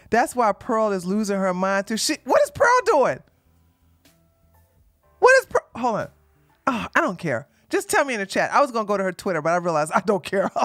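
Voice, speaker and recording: A woman's voice: mid-range voice, no room sound. A woman hosting a live commentary stream, talking casually and animatedly to her chat. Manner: animated, talks to chat, sings snatches. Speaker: livestream commentary host.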